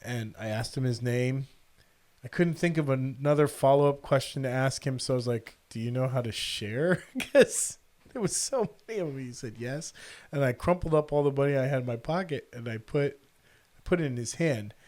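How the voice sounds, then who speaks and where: A middle-aged podcast host tells a story casually, acting out the people in it. His medium-pitched voice moves at a normal speed, and his delivery is animated as he quotes the characters.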